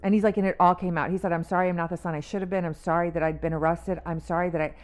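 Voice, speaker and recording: A woman on a faith talk show, retelling a story in casual chat and acting out the quoted lines with lively emphasis. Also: fairly low pitch, racing. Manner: animated storyteller who acts out quotes.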